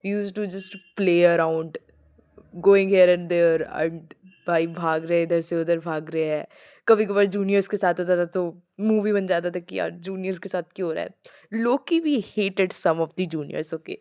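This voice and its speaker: A woman's voice: lowish voice, very fast, darkish tone, smooth. Fields: Woman, young adult. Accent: Indian. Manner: chatty, rambling vlog. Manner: chatty, rambling, mixes Hindi into English. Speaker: student vlogger. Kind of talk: casual reflective vlog.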